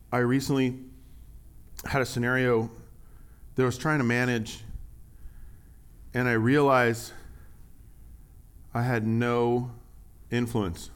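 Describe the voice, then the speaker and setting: A man preaching in an easygoing, conversational voice of ordinary pitch. He shifts energy often, leaning into lines for emphasis and then dropping back down. It sounds like a relaxed sermon to a congregation. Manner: conversational and animated, with acted-out quotes and laughs. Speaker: pastor.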